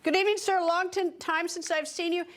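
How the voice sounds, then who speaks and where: A woman's voice: very high-pitched, fairly even intonation, brisk. A middle-aged woman anchoring a broadcast news show with an emphatic, punchy delivery.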